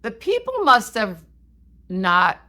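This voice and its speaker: A woman co-hosting a podcast, telling a story in a casual, animated, self-mocking way. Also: mid-range voice, takes it slowly. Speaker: podcast co-host.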